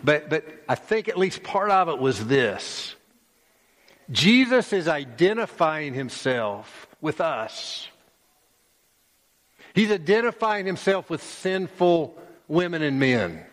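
Slow-preaching man in a reverberant hall. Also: fairly high pitch, very animated, fairly bright tone. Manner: slow and emphatic, with many pauses and repeated phrases. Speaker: pastor. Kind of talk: sermon. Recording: long reverb of a church hall.

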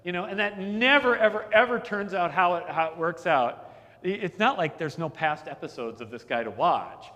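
In dull audio with long hall reverb, a middle-aged pastor preaches a chatty sermon in a high, expressive voice that is bright and forceful at normal speed. He tells anecdotes and repeats words as he builds each point.

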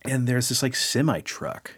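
A man co-hosting a podcast, telling a long personal story in casual chat, rambling and animated, full of "like" fillers. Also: medium pitch, moderate pace, breathy edge, no echo, clean studio sound. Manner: rambling, animated, heavy use of "like". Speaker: podcast co-host.

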